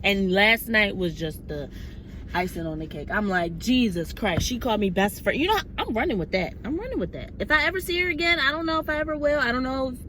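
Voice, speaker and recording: Female vlogger, bright tone, faint background noise, animated storyteller. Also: a little high, brisk. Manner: excited, animated retelling with quoted asides. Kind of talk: casual storytime vlog.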